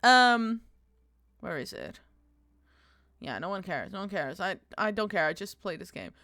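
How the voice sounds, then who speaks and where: A woman game streamer chatting casually with her viewers, bubbly and quick to laugh, calling people darling. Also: medium pitch, very animated, dry recording. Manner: bubbly, bursts into loud panicked squeals and laughter. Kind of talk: casual live-stream chat.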